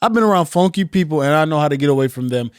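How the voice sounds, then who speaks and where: A young man with a slightly high voice co-hosts a casual podcast chat. He talks in an animated way, swears freely and slips into quick impressions of people. The sound is close and dry. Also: clear, resonant tone, dry recording. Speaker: podcast co-host.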